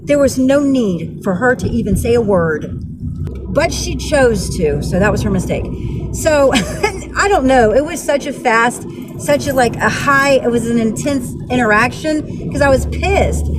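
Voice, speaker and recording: A woman's voice: high voice, lively intonation, normal speed, noisy background. A woman in her forties telling a vlog story in a blunt, heated way, with flashes of anger and weary sighs. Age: 40s. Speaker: vlogger.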